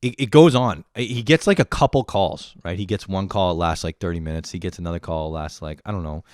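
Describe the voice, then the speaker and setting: A man's voice: deep voice, brisk, darkish tone, dry recording, clean studio sound. A young man in a profane comedic rant, swearing constantly and sounding exasperated as he complains. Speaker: comedic vlogger.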